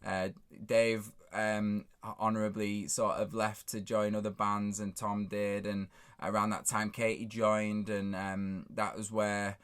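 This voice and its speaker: A man in his thirties, a songwriter, talking casually and reflectively in a halting, rambling way full of fillers. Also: fairly low pitch, completely flat delivery, fairly bright tone, clean tone. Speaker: songwriter and co-lead singer.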